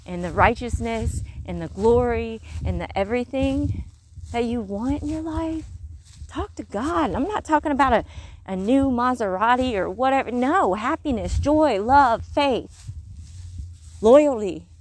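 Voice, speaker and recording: A woman giving casual spiritual encouragement while walking outdoors in the countryside, earnest and rambling, with soft whispered asides. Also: fairly high pitch, a little slow, poor audio. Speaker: faith vlogger.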